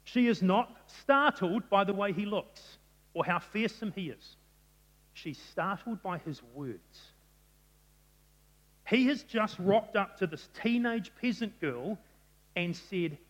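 A man delivers a sermon in an animated storytelling manner, his fairly high voice ringing out in a big reverberant church hall. He sounds like a preacher addressing a congregation. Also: a little slow. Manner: animated storytelling, acting out quotes. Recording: long reverb of a large hall.

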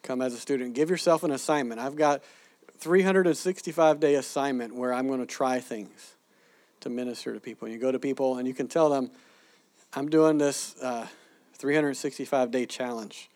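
Man preacher teaching with lively stories, mid-pitched voice, acts out quotes. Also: moderate pace. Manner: animated storyteller, acts out quoted people. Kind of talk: sermon-style teaching with stories.

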